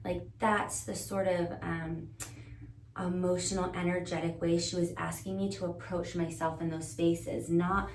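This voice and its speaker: As a podcast guest in an indoor room with the host, a woman speaks a little slowly in a lowish voice with little pitch movement, earnestly searching and thinking aloud as she tells her story. There is roomy echo, a distant-mic sound and faint noise.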